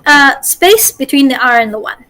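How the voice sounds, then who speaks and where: A woman's voice: sits high, lively intonation, moderate pace, bright, forceful tone, poor audio. A woman from Malaysia, a game master teaching voice acting over a group call, chatty and encouraging. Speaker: game master leading a workshop.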